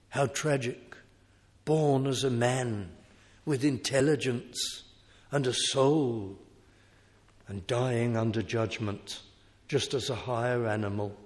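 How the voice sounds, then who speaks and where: A man's voice: medium pitch, a little mellow. A man preaching a sermon in an earnest, compassionate way in a church. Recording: echoey hall reverb.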